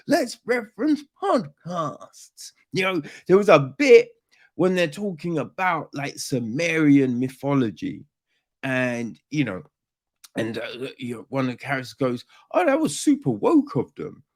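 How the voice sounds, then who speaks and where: A man hosting a podcast, ranting casually about a film in a profane, rambling way with lots of slang and restarts. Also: high-pitched. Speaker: podcast host. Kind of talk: casual film review rant.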